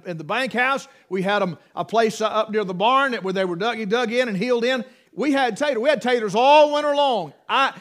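A man's voice: sits high, a bit bright. A man preaching a sermon, telling folksy rural stories in dialect.

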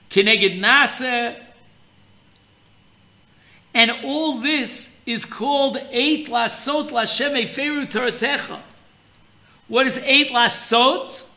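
Slow, bright-voiced man teaching Torah. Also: very high voice. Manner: slow, deliberate teaching, mixing Hebrew terms. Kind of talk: Torah lesson on Purim.

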